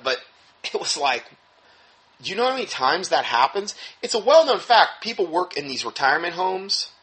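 A man's voice: on the high side, sharp tone, low-quality recording. A man reading news reports aloud and breaking in with emphatic, sarcastic preaching commentary, often restarting his sentences. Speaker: religious teacher.

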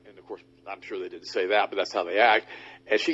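A man hosting a talk radio show, speaking emphatically and mocking others in high put-on voices. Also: fairly even intonation, quick pace, a bit bright. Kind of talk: animated talk radio monologue. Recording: dull lo-fi audio.

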